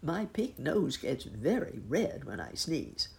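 A woman voicing a gentle, polite old rabbit gentleman in a storybook. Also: sits low, very animated, takes it slowly, creaky, exaggerated voice.

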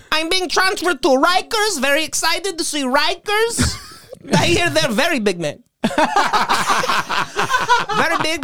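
A woman's voice: high-pitched, noisy background, voice pushed up. A woman voicing a crude, cheerful male prison inmate who boasts shamelessly in an improvised comedy bit. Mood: gleeful. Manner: brash, bawdy, shameless boasting.

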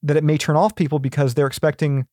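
A man's voice: on the high side, little pitch movement, fast, darkish tone, dry recording, clean studio sound. A man chatting casually as a podcast guest, rambling with many fillers and restarts. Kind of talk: casual chat.

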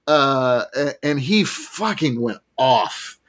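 A man's voice: mid-range voice, lively intonation, takes it slowly. A man telling a story in a casual podcast chat, swearing freely, laughing often and acting out the people he quotes. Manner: profane, laughing, acts out quoted voices loudly. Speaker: podcast guest.

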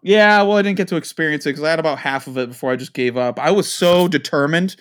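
A man's voice: on the high side, fast. A man co-hosting a casual podcast, telling stories in a rambling, profane way and voicing the people in them. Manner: rambling, profane storytelling with voiced asides. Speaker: podcast co-host.

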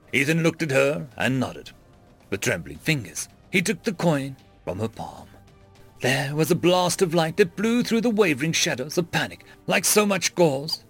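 A male storyteller reading with dramatic flair, his voice gravelly and lively in pitch. The tone sits a bit higher than most men's. Faint music plays behind him. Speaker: narrator. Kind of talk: storytelling narration.

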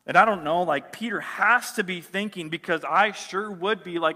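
A pastor preaching a sermon in a casual, conversational way, full of "like" fillers, swinging between loud emphasis and quiet asides. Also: male voice, sits high, normal speed, hardly any pauses, in a large hall.

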